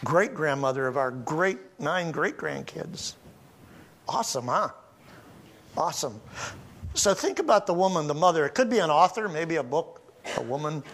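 An older American man in his seventies preaches from the pulpit. His delivery is folksy and conversational, full of warm family anecdotes and light chuckles. His voice sits slightly higher than most men's. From United States. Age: 70s. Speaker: pastor. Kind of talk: sermon.

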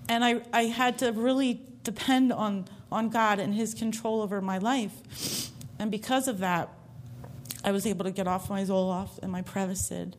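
A woman's voice: mid-range voice, fairly even intonation, normal speed. A woman giving a heartfelt personal faith testimony to a church congregation, telling her story earnestly from the stage.

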